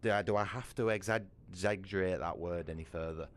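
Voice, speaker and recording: A British man with a low voice talks fast while chatting casually on a gaming livestream. The streamer rambles, swears plenty, and often asks "you know what I mean."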